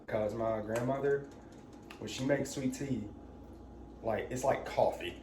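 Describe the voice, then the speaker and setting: A man's voice: mid-range voice, fairly even intonation, unhurried. A young man, chatting casually while cooking and telling rambling stories full of "like". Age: young adult. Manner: rambling storyteller, lots of "like". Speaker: vlog co-host. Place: home kitchen. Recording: echoey room, distant mic, noisy.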